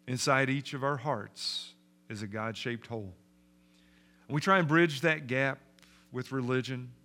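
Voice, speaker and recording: A man preaching a sermon as pastor in a church, moving from hushed, reflective passages to loud, emphatic declarations. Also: mid-range voice.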